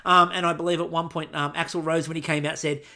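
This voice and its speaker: A man co-hosting a podcast, telling stories in a lively, animated way and swearing casually. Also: on the high side, a little fast. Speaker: podcast co-host.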